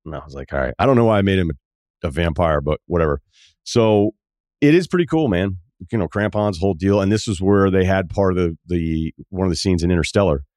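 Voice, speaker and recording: A deep-voiced man hosts a podcast and tells a rambling travel story in a casual, animated way. He acts out the people he met, jumping up and down in pitch for their lines. His voice sounds dry and close, with no room around it. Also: a little fast, no room sound. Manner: animated, acts out quoted dialogue in shifting voices. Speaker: podcast host.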